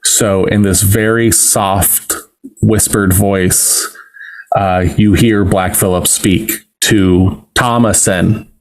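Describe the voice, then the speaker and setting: A man's voice: fairly low pitch, steady tone, slow, low-quality recording. A man co-hosting a podcast, recounting a film's plot step by step in casual chat with fillers. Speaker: podcast co-host. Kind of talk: casual film recap chat.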